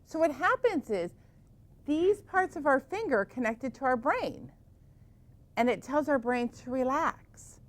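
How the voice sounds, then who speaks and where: Gentle, encouraging woman teaching children's yoga. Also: sits high, expressive, unhurried, pauses often. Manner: gentle, encouraging, asks many questions.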